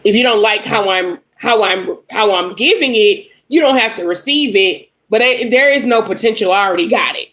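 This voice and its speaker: A woman's voice: mid-range voice, expressive, normal speed, few pauses, a bit bright, low-quality recording. A young adult woman reading tarot on a casual livestream, upset and venting bluntly with lots of swearing at commenters. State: upset and angry. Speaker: live tarot reader.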